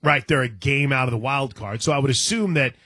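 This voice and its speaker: A man hosts a sports radio show from a studio microphone, chatting casually, rambling, and reading out listener messages. His medium-pitched voice is sharp and slightly rough, he talks fairly quickly, and there is no room sound.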